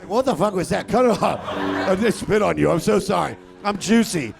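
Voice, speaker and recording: Gravelly middle-aged comedian singing over guitar. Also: male voice, high-pitched, expressive, normal speed. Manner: crude, loud, half-sung riffing. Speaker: stand-up comedian. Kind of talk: improvised musical stand-up. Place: comedy club stage. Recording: guitar playing under the voice.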